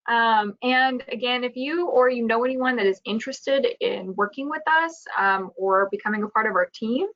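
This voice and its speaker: A woman moderating a webinar, making chatty announcements in a slightly hoarse voice. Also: a little high, pushed and bright. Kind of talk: webinar hosting. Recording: dull lo-fi webinar audio.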